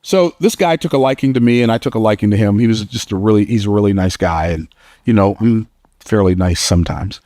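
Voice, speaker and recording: A man's voice: on the low side, fairly quick, a little mellow, no echo, clean studio sound. A man giving a motivational speech to a live audience, telling stories in an emphatic, conversational way and laughing at his own lines. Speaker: motivational speaker.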